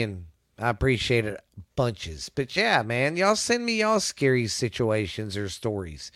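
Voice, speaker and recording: A man's voice: a bit bright, no echo, clean studio sound. A man hosting a spooky podcast in a rambling, casual way. He has a stuffy nose from a sinus cold and keeps repeating himself. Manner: rambling, repeats himself, drops to a low murmur for spooky effect. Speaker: podcast host. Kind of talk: casual chat.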